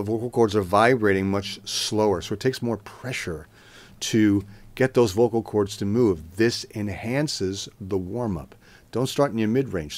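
A man teaching singing, explaining warm-ups in a plain, conversational way and breaking into sung scale demonstrations. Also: on the low side, no echo. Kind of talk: vocal lesson with sung demonstrations.

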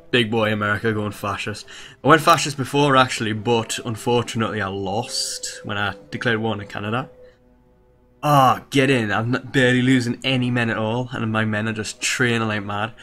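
A man's voice: mid-range voice, moderate pace, pushed and bright, soft background music. A man giving casual strategy gameplay commentary as a video host, swearing freely and talking to his viewers.

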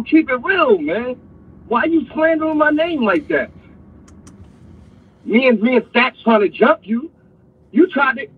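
A man on a tinny phone line argues defensively and keeps repeating his questions. His voice is very high and heavily raspy. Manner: defensive, asks questions again and again. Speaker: caller. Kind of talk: heated phone argument.

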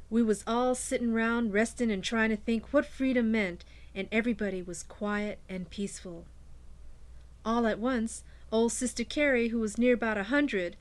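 A woman's voice: fairly high pitch, moderate pace. Woman telling a memory in folksy dialect. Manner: warm folksy storytelling in rural dialect. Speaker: reader of a former slave's account. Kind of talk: dramatic first-person reading.

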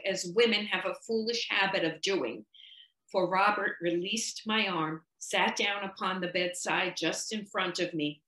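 A woman reading a nineteenth-century short story aloud, measured and expressive. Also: lowish voice, echoey room, rough recording. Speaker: reader.

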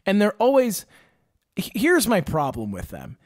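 A man rants his way through a casual podcast chat, swearing freely as he spins animated stories. His voice sits a bit high for a man. The sound is dry and close, with no room around it. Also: unhurried, no echo. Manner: profane, ranting, animated storytelling. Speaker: podcast host.

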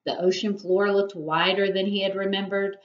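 A woman's voice: medium pitch, flat delivery, normal speed. A woman teacher reading a picture book aloud expressively, now and then asking her listeners questions. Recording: echoey room, dull lo-fi.

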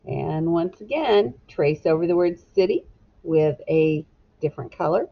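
A woman teacher giving a recorded phonics lesson to children, slowly sounding out letters and words in a clear, encouraging way. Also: on the low side, expressive, muffled recording.

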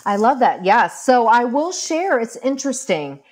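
A woman's voice: fairly high pitch, moderate pace. A middle-aged woman, a family therapist, chatting casually as a guest and acting out quoted lines as she tells stories. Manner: animated storytelling, acts out quoted lines. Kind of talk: casual interview talk.

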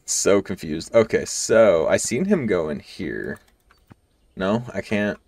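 A man's voice: low-pitched, lively intonation, takes it slowly, darkish tone. A young man casually commenting and joking as he plays a short horror game. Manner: joking, casual, reacts aloud. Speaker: gaming video creator. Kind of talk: let's play commentary.

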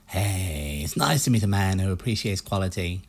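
A man playing a used-ship salesman, put-on American accent, slick hard-selling patter, raspy edges. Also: deep voice, expressive, normal speed, heavily acted. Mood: smooth salesy. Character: pushy fast-talking male used-ship salesman.

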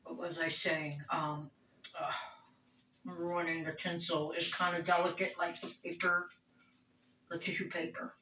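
A woman's voice: on the low side, flat delivery, measured pace, pauses often, pushed and bright, a little hiss or hum. A woman, rambling in a personal vlog, hesitant and reflective, with many fillers and restarts. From Brooklyn, New York. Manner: emotional, reflective. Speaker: vlogger. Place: bedroom. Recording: roomy bedroom echo.

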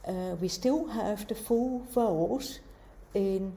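A woman giving a university lecture, explaining in a measured way and asking rhetorical questions. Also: mid-range voice, dark tone.

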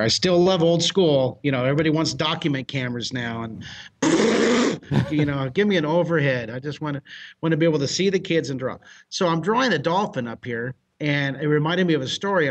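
A middle-aged American man, a drawing teacher, telling a story animatedly with bursts of laughter. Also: medium pitch. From United States. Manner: excitable, shouts and laughs mid-story.

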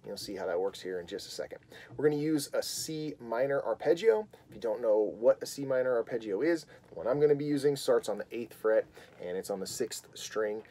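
In this video guitar lesson, a man explains things in a relaxed way at a medium pitch, frequently pausing with fillers.

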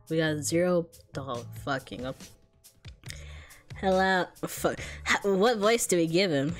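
Profane, sarcastic woman streamer. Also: deep voice. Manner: profane, sarcastic, exasperated asides. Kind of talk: casual game playthrough, reading text aloud.

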